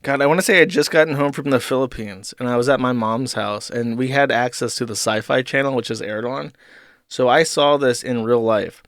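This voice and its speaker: A man's voice: medium pitch, a little fast, fairly bright tone, no echo. A man hosting a live stream, giving casual, rambling and profane commentary into a close microphone. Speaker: streamer host.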